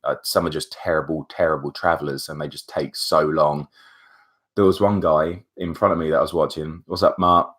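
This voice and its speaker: A young man with a deep, low-set voice vlogs straight to camera. He retells his day in a chatty, animated way, with plenty of asides along the way. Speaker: vlogger. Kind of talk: casual storytelling to camera.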